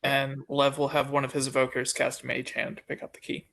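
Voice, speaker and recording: A man playing a tabletop game, talking casually and working through his choices out loud, sometimes swearing. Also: medium pitch, monotone, a little fast, creaky. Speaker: player.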